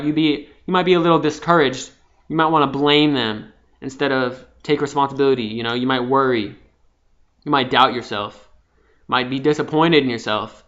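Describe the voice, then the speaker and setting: A young man giving an impassioned, profane spiritual monologue, dropping from hushed to loud. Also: mid-range voice, normal speed. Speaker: vlogger. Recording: slightly dull lo-fi sound.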